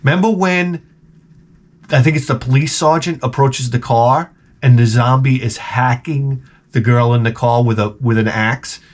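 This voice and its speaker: A middle-aged man telling rambling, profane stories in a casual vlog, jumping into loud joking exclamations. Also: mid-range voice, moderate pace. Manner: excitable, profane, jokey, with sudden loud exclamations. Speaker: video game vlogger.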